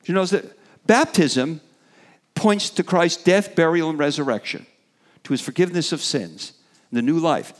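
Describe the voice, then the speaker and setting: A middle-aged man preaching a sermon, animated, building to emphatic peaks and trailing off with fillers in between. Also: a little high, moderate pace.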